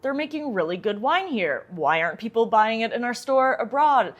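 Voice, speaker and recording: A woman's voice: fairly high pitch, big pitch swings, moderate pace, lo-fi sound. A woman voicing an eager young female wine seller in a chatty, offhand way within her own story. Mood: excited.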